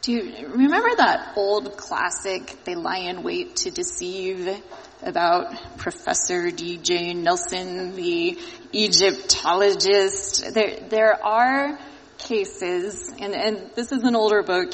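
A woman hosts a casual discussion, chatty and lightly teasing, explaining points as she goes and quoting others along the way. Her voice is on the low side and she takes it slowly, in a reverberant room with a little hiss or hum.

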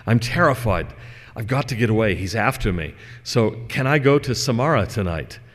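A terrified male servant, pleading urgently in a lowish voice, as a man tells the tale. The sound has a long reverb from a lecture hall. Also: lively intonation, moderate pace. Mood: frightened.

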